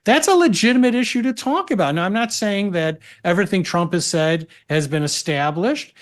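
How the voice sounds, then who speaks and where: A man appearing as a legal analyst guest on a talk show, making his argument in a measured way. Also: high-pitched, expressive. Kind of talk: political talk show conversation.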